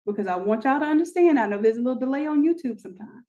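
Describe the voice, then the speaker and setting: A woman hosting a live online design class, pitching offers and teaching with lots of energy, repeating herself and talking straight to her viewers. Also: expressive, rapid-fire, warm tone, muffled recording.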